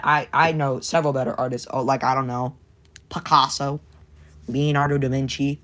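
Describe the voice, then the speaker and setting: A man's voice: mid-range voice, flat delivery, fairly quick, a bit bright. A young man chatting casually with his viewers while drawing, rambling and joking around. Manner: rambling and goofy, jumps between silly voices and whispers. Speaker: streamer.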